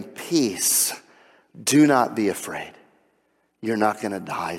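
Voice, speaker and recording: A man's voice: mid-range voice, a little mellow, in a large hall. A male pastor preaching a sermon, acting out the voices in the scripture story as he talks. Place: church sanctuary.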